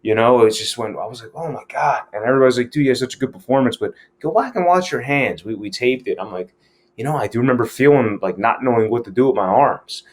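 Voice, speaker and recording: A man's voice: mid-range voice, animated, quick pace. A man giving a casual scene-breakdown lesson as an acting coach, speaking frankly and with plenty of profanity.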